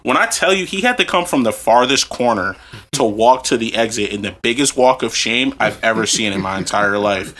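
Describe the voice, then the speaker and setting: Animated, bright-voiced man telling a story. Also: medium pitch, a little hiss or hum. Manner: animated, laughs while telling, swears freely. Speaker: podcast co-host. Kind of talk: casual comedic storytelling.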